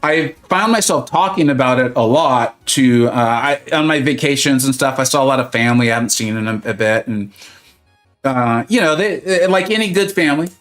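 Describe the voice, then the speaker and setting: A man's voice: medium pitch, normal speed, faint music behind. A middle-aged man from Southern California, chatting casually and rambling on a gaming livestream with plenty of fillers. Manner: rambling, animated storytelling with many fillers and restarts.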